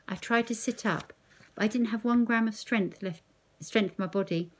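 A woman teacher reading a novel aloud in first person, slow, measured and expressive. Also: medium pitch.

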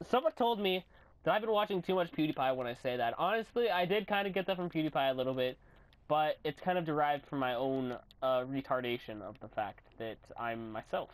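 A young man giving rambling, goofy commentary while recording his own game, often bursting into yells and silly voices. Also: a little high, fairly quick, no echo. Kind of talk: gameplay commentary.

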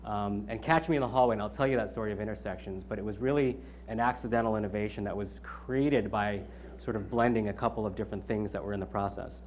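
A man's voice: fairly low pitch, fast talker, darkish tone, slight background noise. A man in his thirties giving an opening keynote at his own event, conversational, with many ums and you-knows. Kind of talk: conference keynote speech.

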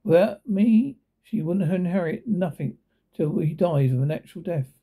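A man's voice: sits high, expressive, moderate pace, mellow, breathy edge, full character voice. A man reading a storybook, voicing a brash, greedy down-and-out bum who talks in cocky tough-guy slang.

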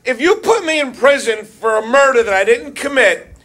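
A man's voice: very high voice, expressive, normal speed. A man doing a profane, confrontational stand-up set, recorded live on a club stage with a handheld mic. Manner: profane, confrontational, aggressive punchlines. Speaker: stand-up comedian. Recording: live club recording with loud crowd laughter.

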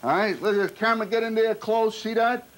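A man's voice: sits high, flat delivery, fast talker, rough recording. A man, a chef, chatting and joking as he cooks in a restaurant kitchen, often tagging his sentences with "okay?". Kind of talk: casual chat while cooking.

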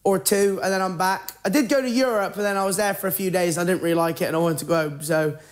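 A woman's voice: fairly low pitch, quick pace. A woman speaks in a laid-back, hesitant way, full of ums. She chats easily as a reality show contestant. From England.

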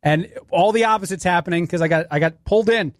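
A man's voice: sits high, quick pace, no echo, clean studio sound. A man filling in as a radio talk show host, rambling sarcastically through a casual monologue. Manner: sarcastic, rambling, restarts often.

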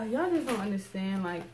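A woman's voice: a little high, lively intonation, a little slow, very noisy. A young woman, chatting casually to her viewers while eating, sometimes with her mouth full. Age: young adult. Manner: chatty, laid-back, talks with mouth full. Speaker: vlogger. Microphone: camera set up in front of her.

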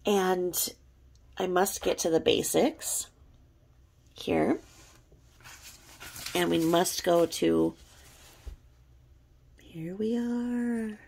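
A woman's voice: on the low side, vocal fry, darkish tone, husky. A woman talking casually to her viewers, blunt and rambling, with frequent swearing. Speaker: YouTube creator.

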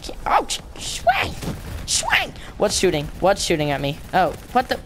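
A man's voice: fairly high pitch, lively intonation, brisk. Goofy guy talking over a game, jokes and bang bang noises, a bit of noise behind. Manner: goofy, joking, sound effects. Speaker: gamer commentator. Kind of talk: casual gameplay commentary.

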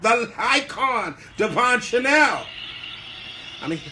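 A man's voice: extremely high pitch, big pitch swings, slow pace, pushed and bright, slight background noise. A man hosting a live stream in a sassy, flamboyant way, calling everyone honey and baby. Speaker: live-stream show host. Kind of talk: casual live-stream chat.

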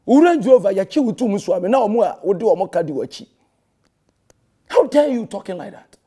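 A man's voice: sits high, big pitch swings, fairly quick, dark tone, husky. A Ghanaian man, a pastor, delivering a heated and confrontational rebuttal that scolds a rival and mixes in English phrases.

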